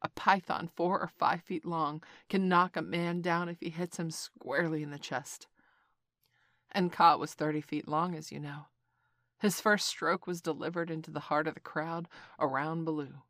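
A woman narrating a classic storybook in a measured, expressive way. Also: deep voice, dry recording, clean studio sound. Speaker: audiobook narrator. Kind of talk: scripted narration.

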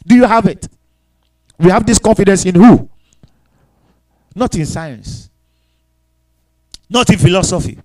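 A man's voice: sits high, expressive, normal speed, long pauses, rough recording. A male pastor preaching a sermon, repeating phrases and asking the congregation rhetorical questions.

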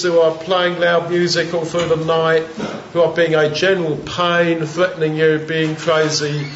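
A man preaching a sermon, retelling scripture as a conversational story in everyday modern speech. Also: fairly high pitch. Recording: roomy, dull-toned recording with faint background hiss.

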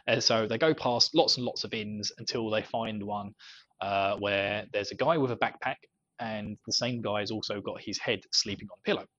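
A man's voice: lowish voice, steady tone, moderate pace, fairly bright tone. A man hosting a podcast, chatting casually about a book and laughing often between his thoughts. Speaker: podcast host. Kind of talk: casual book discussion chat. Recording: slightly dull lo-fi audio.

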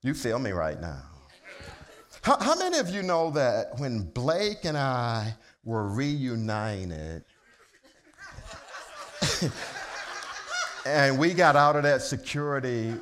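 A man preaching a sermon, telling a personal story in a humorous, conversational way that builds from quiet, low storytelling to loud, excited shouting. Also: slow pace, pauses often, crowd noise. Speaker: pastor. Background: congregation laughter.

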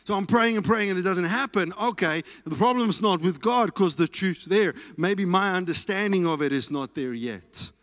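A man with a South African accent preaching a sermon in a church, animated and playful. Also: high voice, moderate pace, hardly any pauses. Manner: animated, playful preaching with food talk and shouts. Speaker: pastor. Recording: reverberant church hall.

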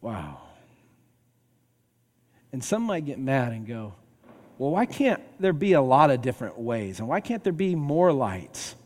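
A man preaching a sermon as pastor, emphatic, swinging between raised and hushed delivery. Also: mid-range voice, very animated, measured pace, long pauses, big-room sound.

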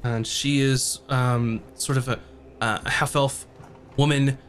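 A man narrating as game master, halting with frequent ums. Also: mid-range voice, steady tone, fairly bright tone, soft background music. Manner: hesitant, lots of ums.

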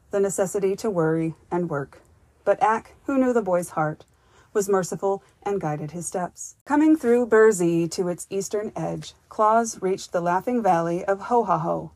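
A woman narrates a storybook audiobook in a calm, measured and gentle way. Her voice sits fairly low, and the recording is dry and close. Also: dry recording. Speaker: audiobook reader and podcast host.

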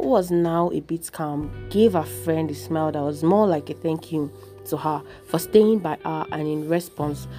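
A woman narrates a dramatic story in an expressive, measured reading. Her voice is low and mellow. Soft instrumental music plays faintly under it.

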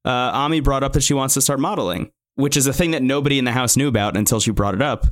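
A man's voice: mid-range voice, fast talker, no room sound. Casual man in his thirties, dry sound. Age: 30s. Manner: loose, joking, quotes lines in a lifted voice. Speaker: podcast co-host. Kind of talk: casual recap chat.

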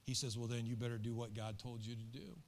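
A man's voice: mid-range voice, fairly even intonation, quick pace, gravelly, a little hiss or hum. A middle-aged man, a pastor, telling a story in an earnest, emotional and colloquial sermon.

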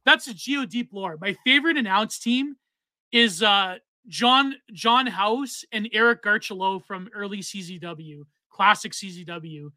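Male podcast co-host, loose rambly chat, high-pitched, dry close sound. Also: measured pace, bright, forceful tone, no echo. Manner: rambling, many fillers and restarts. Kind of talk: casual chat on a livestream.

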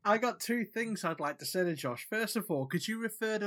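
A man's voice: high voice, expressive, fairly quick, fairly bright tone. A man with a mixed New Zealand and British accent, co-hosting a podcast in playful, sweary banter. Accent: New Zealand and British mix. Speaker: podcast co-host. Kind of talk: casual chat.

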